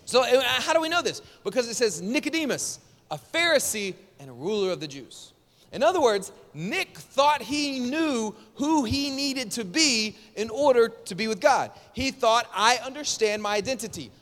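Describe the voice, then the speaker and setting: High-voiced animated pastor preaching. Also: male voice, big-room sound. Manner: animated storytelling, congregation call-and-response. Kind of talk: sermon.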